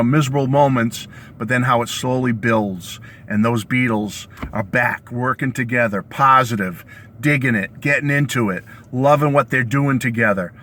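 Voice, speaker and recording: A man hosting his own video channel, with a hoarse, worn-out voice, ranting excitedly about a new release and calling his viewers "folks" again and again. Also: mid-range voice. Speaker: YouTube host reviewing music releases. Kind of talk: enthusiastic vlog rant. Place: home basement studio.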